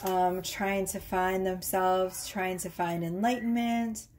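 A woman's voice: medium pitch, flat delivery, takes it slowly, a little mellow. A woman giving a casual tarot reading from her home workroom, talking in a chatty way with fillers and frequent tag questions. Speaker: tarot reader.

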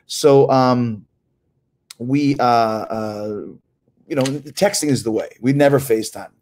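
A middle-aged male host spins loose, rambling anecdotes, doubling back on his words and swearing freely as he goes. His voice sits at an ordinary middle pitch and he answers listener questions in an easy, chatty style. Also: slow pace, darkish tone, slight background noise. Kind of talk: casual storytelling chat.

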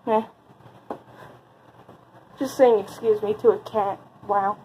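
A woman's voice: medium pitch, fairly even intonation, takes it slowly, pauses often, highs cut off, slight background noise. A woman narrating a game role-play in a chatty, offhand way.

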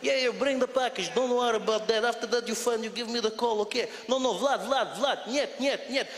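A man plays a shady Russian man barking into his phone, his voice high and with a Russian accent. He rattles off half English, half gibberish Russian in a rush, all echoing around a live venue hall. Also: fairly quick, a bit bright. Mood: urgent.

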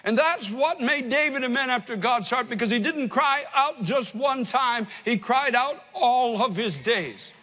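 A male pastor preaching with passion, his voice very high and bright. His delivery swells from hushed pleading to ringing emphasis. The sound hangs in a long church reverb. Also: animated, unhurried, few pauses. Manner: impassioned, swells from hushed to loud. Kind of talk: sermon.

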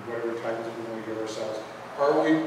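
A man's voice: mid-range voice, quick pace. A man who is a priest gives an earnest, reflective presentation to a church assembly and poses searching questions. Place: assembly hall. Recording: echoey hall from far off with room noise.

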